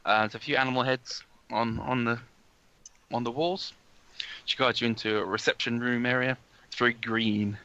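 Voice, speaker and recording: A man running a tabletop game as game master, narrating in a halting way with many restarts. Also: medium pitch, steady tone, sharp tone. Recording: dull, lo-fi.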